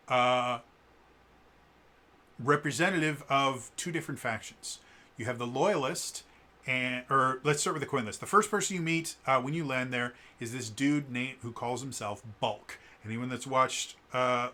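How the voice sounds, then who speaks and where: Bright-voiced, stammering male game reviewer. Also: medium pitch. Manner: stammering, frequent restarts and fillers. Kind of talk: casual review talk.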